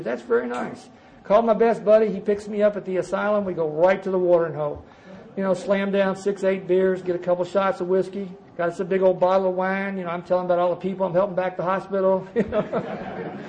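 High-voiced folksy man telling his story. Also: darkish tone, dull audio, a little hiss or hum. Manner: folksy, self-mocking, addresses listeners as guys. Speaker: recovery speaker sharing his story. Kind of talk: storytelling talk to a recovery meeting.

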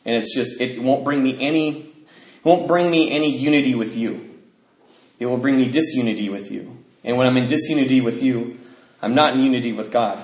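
A man's voice: medium pitch, a little fast, darkish tone, echoey room, low-quality recording. A man sharing a personal testimony, telling the story of his life candidly, with fillers and nervous laughs.

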